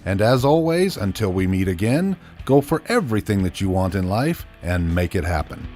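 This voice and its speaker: A man reading a show's closing sign-off slowly and deliberately. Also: deep voice, big pitch swings. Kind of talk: show sign-off. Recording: music bed underneath.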